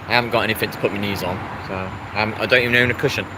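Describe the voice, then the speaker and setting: A man's voice: fairly low pitch, steady tone, racing, noisy background. An English man talking casually on a live stream, rambling and repeating himself as he greets viewers in the chat. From England.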